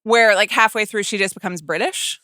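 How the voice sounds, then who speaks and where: Bright-voiced woman chatting on a podcast. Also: medium pitch, steady tone, moderate pace, no echo. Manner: chatty, agreeable, lots of fillers. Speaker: podcast host. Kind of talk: casual chat.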